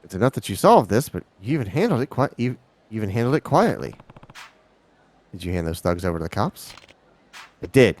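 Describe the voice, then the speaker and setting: A man's voice: on the low side, very animated, quick pace, darkish tone. A man streaming a game live, reading the characters' lines aloud and sometimes stumbling over words.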